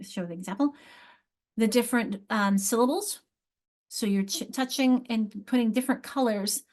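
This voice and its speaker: A woman presenting a teacher training session on reading and spelling, explaining step by step with frequent restarts and questions to her audience. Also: mid-range voice. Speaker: literacy workshop presenter.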